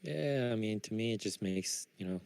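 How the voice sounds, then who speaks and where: A man's voice: fairly low pitch, expressive, moderate pace, creaky, a little mellow, dry recording. A man trading live with friends, chatting casually and joking over a voice chat mic. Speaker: trader on a live trading stream.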